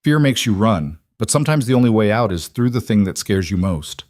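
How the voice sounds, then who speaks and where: A man voicing a mysterious female water creature in a storybook, calm and riddling. The voice stays low and sounds dry and close. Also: fairly quick, no room sound, lightly acted. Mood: cryptic. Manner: calm, cryptic, teasing.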